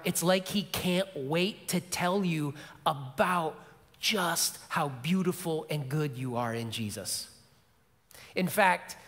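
A middle-aged male pastor preaching a sermon, telling stories and dropping to a soft, low voice for emphasis, with repeated key phrases. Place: large church sanctuary. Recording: long church hall reverb.

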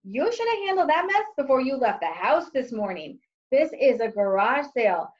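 A woman's voice: on the high side, very animated, normal speed, muffled recording. A woman reading her own book aloud in a wry, sarcastic, exasperated tone. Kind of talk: audiobook-style reading.

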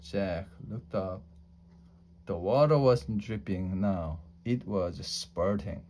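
A man reading a children's storybook aloud in a slow, deliberate way, with small slips. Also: sits low, darkish tone, slight background noise. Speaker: storybook reader.

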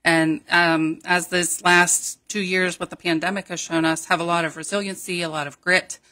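A woman guest on a morning radio show, speaking for a hospital's nursing staff. Her voice is bright and forceful and sits slightly low. She explains things in a friendly, informative way and peppers her talk with ums. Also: little pitch movement, normal speed. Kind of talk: radio interview.

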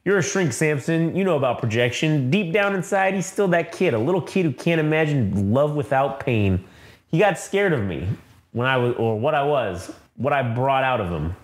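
A man's voice: medium pitch, animated, moderate pace, echoey room, natural voice. A man doing a taunting, foul-mouthed demon Hulk. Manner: mocking, profane. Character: menacing crude male demon Hulk monster.

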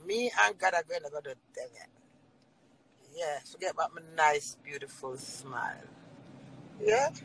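A woman's voice: low voice, lively intonation, moderate pace, pauses often, a bit bright, slight background noise, poor audio. A Jamaican woman livestreaming, talking in a raw, tearful way and swearing freely. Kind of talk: emotional casual monologue.

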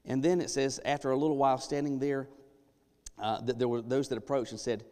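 A man's voice: medium pitch, fairly even intonation, brisk. Emphatic preacher man in a reverberant church. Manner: emphatic, swings from hushed to loud. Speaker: pastor. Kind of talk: sermon. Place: church sanctuary.

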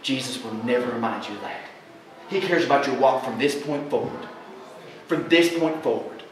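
A man preaching a sermon as pastor, animated and plainspoken, often quizzing his congregation with questions. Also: medium pitch, normal speed, a little hiss or hum. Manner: folksy, plainspoken. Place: large church hall. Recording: echoey hall, voice from far off.

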